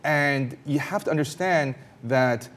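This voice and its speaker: A man's voice: a little high, fairly bright tone. Earnest man telling a personal story. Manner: earnest, emphatic, with quick rises of intensity. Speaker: commentator. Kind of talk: personal storytelling in a panel talk.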